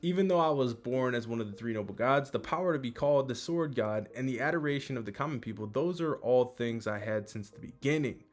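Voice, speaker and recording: A man's voice: medium pitch, lively intonation, fairly quick, hardly any pauses, lightly acted. A man reading as an earnest sword god. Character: earnest male sword god, humble and driven. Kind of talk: reading manga dialogue aloud.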